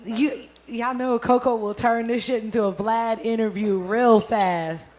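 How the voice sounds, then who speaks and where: A woman's voice: on the high side, fairly even intonation, measured pace, darkish tone. A brash, profane woman, chatting casually as a guest on a drinking talk show. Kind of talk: casual chat.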